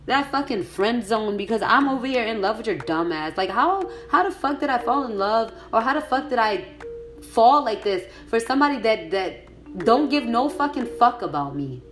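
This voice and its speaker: A woman's voice: a little high, lively intonation, moderate pace, roomy sound, soft background music. Profane, fired-up young woman ranting. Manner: profane, emotional, rising to furious shouting. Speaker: podcast host. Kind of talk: reading an article and ranting.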